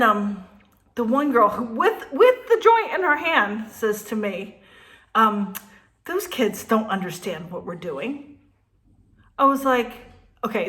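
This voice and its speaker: Woman in her 50s telling a story, high voice that swings all over, laughs a lot. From New Jersey. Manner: animated, laughing, swears. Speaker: vlogger. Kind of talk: casual storytelling.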